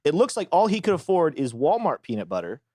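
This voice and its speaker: Lively, fast-talking male co-host. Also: on the high side, dry recording, clean studio sound. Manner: teasing, quick back-and-forth banter. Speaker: crypto show co-host. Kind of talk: casual chat.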